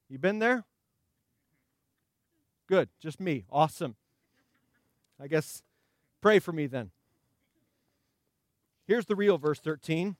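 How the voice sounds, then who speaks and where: A man's voice: fairly high pitch, animated, slow pace, long pauses, no room sound, studio quality. A man preaching a sermon as pastor, reading scripture and breaking into playful, conversational asides.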